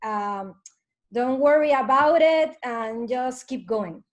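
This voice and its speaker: Slow-talking woman. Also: high voice, lively intonation. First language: Spanish. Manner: laughing, hesitant. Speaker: student. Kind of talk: casual video call discussion.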